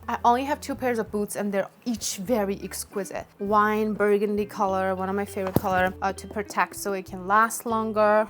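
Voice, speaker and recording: A woman vlogger chatting casually and talking straight to viewers as she tours her closet at home. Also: medium pitch. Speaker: fashion vlogger. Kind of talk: casual chat on a closet tour.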